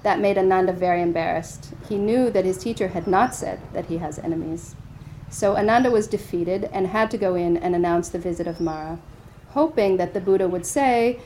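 A woman meditation teacher giving a dharma talk and telling a story in a gentle, hesitant way, with easy laughter. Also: medium pitch, fairly quick, few pauses, a little hiss or hum, poor audio.

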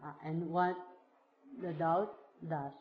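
Slow woman doing a reflective spiritual talk, lots of "like", echoey room, kinda muffled. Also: low voice, fairly even intonation. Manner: slow, searching, many fillers like "like". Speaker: speaker sharing a teacher's words with a group. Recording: roomy, dull lo-fi sound.

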